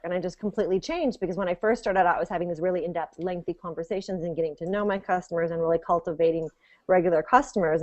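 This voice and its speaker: A woman's voice: on the low side, dry recording, muffled recording. Chatty woman giving emphatic business advice. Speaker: guest, author and business coach. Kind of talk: casual interview on a web show.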